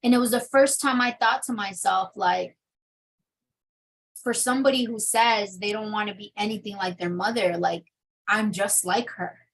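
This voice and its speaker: A woman's voice: medium pitch, fairly even intonation, moderate pace, poor audio. A young adult woman telling her personal testimony in an interview, candid and full of fillers. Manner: candid storytelling with many fillers. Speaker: interview guest.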